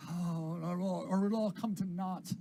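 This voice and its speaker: A man's voice: high-pitched, fairly even intonation, a little slow, pitched above the performer's own voice. A man voicing a rambling drunk local man around forty, pleading in a frightened, agitated, broken way. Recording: loud background hiss.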